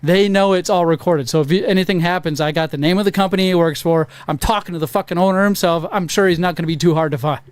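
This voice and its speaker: A man on a casual podcast, telling a profane story with animated acted-out quotes. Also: high-pitched, fast, few pauses, smooth, no echo. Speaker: podcast co-host. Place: podcast studio.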